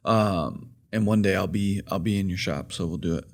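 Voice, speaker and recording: A man hosting a casual podcast interview, relaxed and backing up the guest with short agreeing words. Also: sits low, normal speed, gravelly. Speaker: podcast host.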